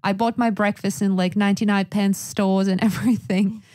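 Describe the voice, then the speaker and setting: A young woman with a Russian accent, co-hosting a podcast and telling stories in a casual, animated way. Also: medium pitch, normal speed. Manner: animated, acts out quoted voices. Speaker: podcast co-host. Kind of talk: casual storytelling chat.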